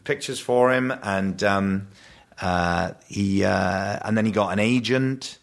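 A man from Wales telling amused, animated stories as a podcast guest. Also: on the low side, slow, gravelly. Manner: animated, amused storyteller with many restarts. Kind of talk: casual podcast storytelling.

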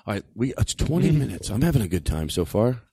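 Rambling animated male radio host. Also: on the low side, quick pace, slight background noise. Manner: rambling, laughing, lively storytelling. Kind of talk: casual comedic banter.

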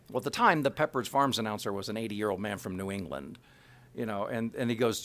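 Gravelly guy from kansas city telling a story, does all the voices himself, pitch jumps around. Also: animated, fast, a bit bright. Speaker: voice actor telling his story. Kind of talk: animated anecdote, acting out dialogue.

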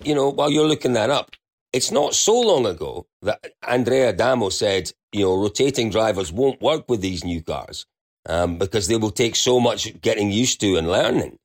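Man, panel co-host, casual chat, pointed questions, lowish voice. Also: lively intonation. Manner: quick to laugh, posing pointed questions.

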